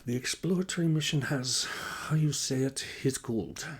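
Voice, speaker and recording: A man voices a patient Northern European woman scientist, speaking gently and matter-of-factly with slightly odd phrasing. His voice is fairly low and husky, and he keeps a moderate pace.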